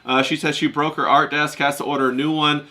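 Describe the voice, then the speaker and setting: A man's voice: on the high side, a little fast. A man co-hosting a casual podcast stream, chatting loosely and reading out viewer comments. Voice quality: relaxed, frequent "yeah" and "uh" fillers. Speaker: podcast co-host. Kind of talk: casual chat, reading live chat.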